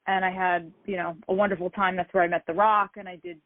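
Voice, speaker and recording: A woman's voice: on the low side, fast talker, no echo. Woman telling stories over a tinny line. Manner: lively anecdotal, acts out quoted dialogue. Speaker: interview guest, martial artist. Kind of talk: casual storytelling interview. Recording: tinny phone-like dry sound.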